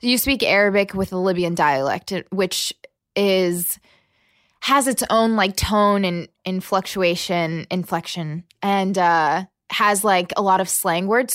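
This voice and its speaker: A woman's voice: fairly low pitch, clear, resonant tone, dry recording, clean studio sound. A young adult woman, a journalist and guest, explaining things in an earnest, thoughtful way during a casual interview. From United States.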